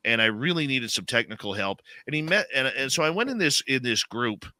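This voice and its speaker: A Canadian radio host on a live show speaks in a very bright, forward, mid-range voice, very animated and brisk. He rambles loosely and conversationally, with lots of fillers and restarts, and the sound is dry and close with almost no room echo.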